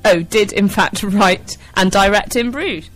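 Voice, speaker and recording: A woman's voice: mid-range voice, unhurried. A young woman co-hosting a student radio show, chatty and giggly. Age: young adult. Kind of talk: casual chat.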